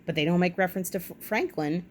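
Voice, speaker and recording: A woman's voice: lowish voice, fast, a little hiss or hum. A woman vlogger reading a history article aloud and breaking off often into chatty, wry comments of her own. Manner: chatty asides, wry and self-correcting. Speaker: vlog host.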